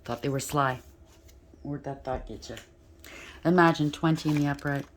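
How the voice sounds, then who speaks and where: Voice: mid-range voice, steady tone, normal speed. A tarot reader gives a casual reading aloud and talks straight to the listener, checking in over and over as the cards come up. The speaker trips over words at times and starts again. Faint noise sits under the voice. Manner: addresses the listener directly with frequent rhetorical checks; stumbles and restarts while talking.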